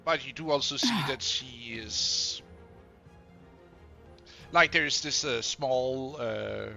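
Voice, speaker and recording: A man narrates a tabletop game as game master in a slow, gravelly voice with a sharp, bright edge. He often pauses to search for words. Faint music plays behind. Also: mid-range voice, highs cut off.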